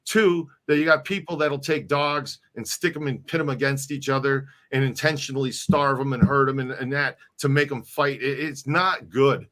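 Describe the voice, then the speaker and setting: At medium pitch and a moderate pace, a middle-aged podcast co-host keeps a steady, fairly bright tone with few pauses during a casual live-stream chat. He wanders in his talk, restarting sentences and repeating words.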